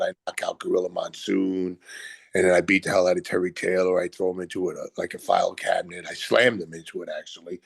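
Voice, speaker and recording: Brief: older New man, gravelly low voice, emphatic storyteller acting out quotes. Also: no echo. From Brooklyn, USA. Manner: acts out others' lines in quotes, emphatic. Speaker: retired pro wrestler guest. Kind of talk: animated storytelling.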